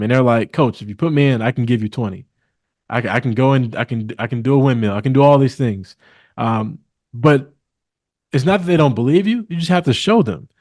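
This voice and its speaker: A man's voice: mid-range voice, a little mellow, no echo. Earnest man from Milwaukee, dry sound. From Milwaukee, Wisconsin. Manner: earnest, hesitant with many fillers and restarts. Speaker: guest, attorney. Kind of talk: casual interview talk.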